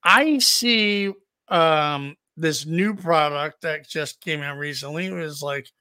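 A man co-hosting a podcast, telling a rambling, profane story in a casual, animated way. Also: a little high, takes it slowly, clean tone, no echo, studio quality. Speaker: podcast co-host.

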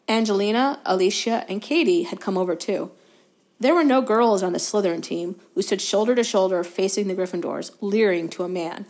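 A woman's voice: medium pitch, normal speed. Woman reading a children's novel aloud. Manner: steady storytelling, fillers of self-correction. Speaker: guest reader.

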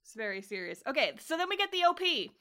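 A woman's voice: high voice, sing-song, quick pace, bright, forceful tone. A woman co-hosting a podcast, casually recapping an anime episode, laughing often and swearing as she acts out the characters' lines. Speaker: podcast co-host.

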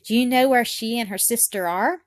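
Lady reading a calm victorian mom, brisk and matter-of-fact, a bit higher. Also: no echo, studio quality, natural voice. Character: composed Victorian mother and wife.

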